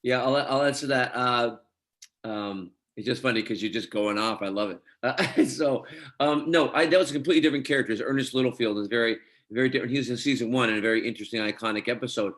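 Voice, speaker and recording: The guest is a middle-aged Scottish actor, a fast talker with medium pitch. In a casual interview he spins lively anecdotes, voicing quoted conversations.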